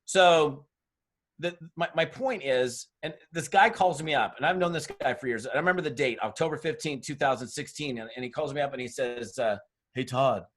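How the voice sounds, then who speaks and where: Speaking a little fast in a slightly high, fairly bright voice, a middle-aged man leads a motivational webinar on network marketing. His business training is blunt and tough, and he acts out dialogue when telling stories, all picked up on a webinar mic.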